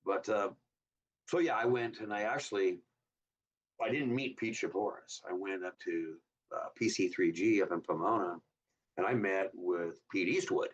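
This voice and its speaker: A husky, fairly low-voiced man in his fifties tells his stories as a guest and slips into the voices of the people he quotes. He sounds a little distant from the mic, and the recording is dull and lo-fi. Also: moderate pace. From Southern California. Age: 50s. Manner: animated storyteller who acts out quoted dialogue in a raised voice. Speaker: guest, hot rod builder. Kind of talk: casual interview storytelling.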